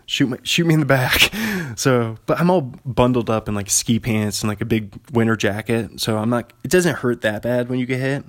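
He's a podcast host in his thirties, from Washington State, running the show solo. His mid-range voice moves at a moderate pace with hardly any pauses as he rambles through digressive stories, laughing often and keeping things casual.

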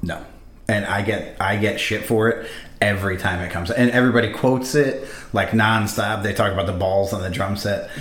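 A man chatting casually and profanely, getting animated when he retells scenes. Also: lowish voice, moderate pace, roomy sound. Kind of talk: casual chat.

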